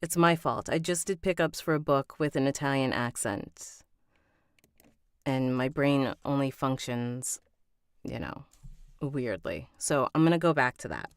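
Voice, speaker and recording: Woman with a really deep voice, slow and chatty, dry close sound, recording an audiobook live. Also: lively intonation, clean tone, no room sound. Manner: chatty asides, self-correcting, talks to her chat. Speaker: audiobook narrator.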